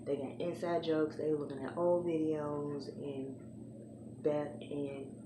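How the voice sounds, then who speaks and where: Low-voiced woman recapping a show. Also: flat delivery, slow. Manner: chatty, retells scenes in acted voices. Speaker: TV show reviewer. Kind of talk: casual recap and review. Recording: echoey room with background noise.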